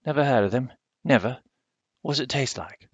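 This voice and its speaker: A man voicing a motherly, old-fashioned ghost woman from the country with a warm voice, fussy and suspicious, read from a storybook over a webcam. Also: medium pitch, normal speed, breathy edge, no echo, pitched above the performer's own voice, natural voice. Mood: fussy, doting. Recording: dull lo-fi webcam sound.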